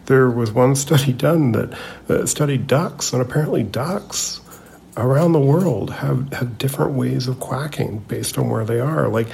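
Gravelly man chatting haltingly. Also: medium pitch, a little mellow, slight background noise. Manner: hesitant, full of fillers and restarts. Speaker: podcast co-host. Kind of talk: casual chat.

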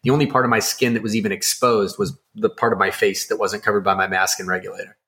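A man co-hosting a podcast, telling a story in a casual, excitable, rambling way with lots of fillers. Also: on the low side, fast. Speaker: podcast co-host.

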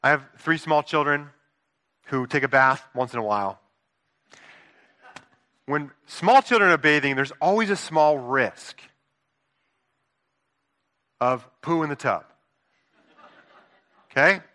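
A man's voice: a little high, expressive, slow, long pauses, bright, forceful tone. A man in his thirties preaching a sermon, earnest and conversational, with frequent rhetorical asides to the congregation. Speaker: pastor.

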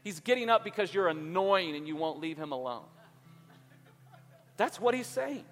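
A man preaching a sermon as pastor, animated and acting out voices in the story. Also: sits high, normal speed, in a large hall, faint music behind.

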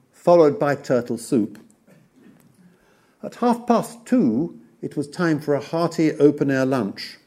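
A man giving a formal history lecture, measured and wry, listing details one by one. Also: on the high side, a little mellow.

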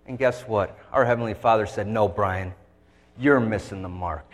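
A man's voice: lowish voice, moderate pace, big-room sound. A man preaching an emotional sermon, telling his story with feeling and acting out a conversation with God. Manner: heartfelt, voice shifting to act out a dialogue with God.

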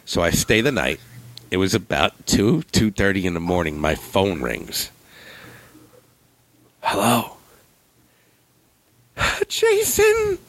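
A man's voice: lively intonation, moderate pace, no echo. A man from northern New Jersey telling a rambling, profane story in casual chat, acting out what other people said. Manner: swings high and loud when quoting others.

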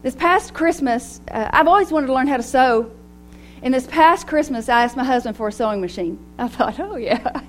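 A middle-aged woman speaking to a women's gathering in a personal, animated way, laughing often as she talks. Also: high-pitched, normal speed. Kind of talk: devotional talk to women.

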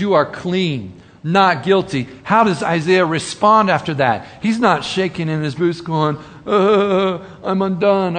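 A man preaching a sermon, earnest and full of rhetorical questions, slowing down for emphasis. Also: on the high side, fairly bright tone.

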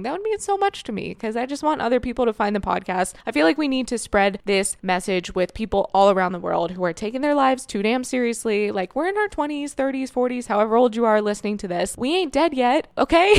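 A woman's voice: mid-range voice, clear, resonant tone, dry recording, clean studio sound. A woman hosting a podcast, talking in a playful, chatty and encouraging way in a motivational monologue. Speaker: podcast host.

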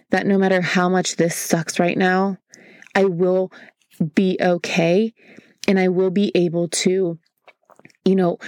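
A woman's voice: fairly low pitch, a little mellow, dry recording. Earnest woman podcaster holding back tears. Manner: emotional, earnest, repeats "right?". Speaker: podcast host. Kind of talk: candid solo podcast talk.

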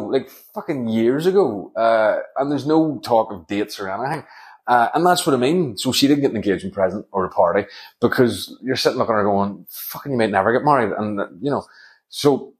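A middle-aged man, hosting a solo comedy podcast in a rambling, sweary, sarcastic monologue. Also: medium pitch.

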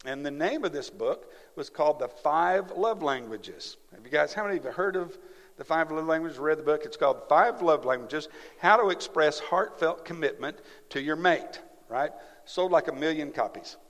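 A pastor delivers a sermon in a lively storytelling manner, laughing and checking in with the congregation. His voice sits a little high for a man. The sound rings with the long reverb of a large hall. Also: normal speed.

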